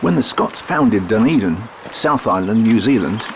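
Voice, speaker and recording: Gravelly low-voiced man narrating a road trip. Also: lively intonation, moderate pace, background noise. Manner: chatty and jokey, reads out facts. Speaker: travel vlogger. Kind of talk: casual travelogue narration.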